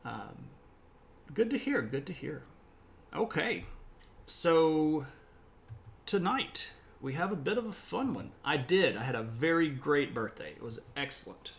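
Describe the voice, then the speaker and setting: A man's voice: on the high side, big pitch swings, measured pace, creaky, long pauses. Chatty man streaming history. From United States (South Mississippi). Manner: chatty, self-described opinionated, rambling asides. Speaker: history livestream host. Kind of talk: casual livestream chat and history talk.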